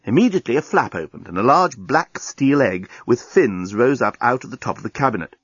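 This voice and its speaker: A man narrating a comic science-fiction story as an audiobook reader, in a dry, even storytelling manner. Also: medium pitch, fairly quick, husky, dry recording. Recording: dull lo-fi recording.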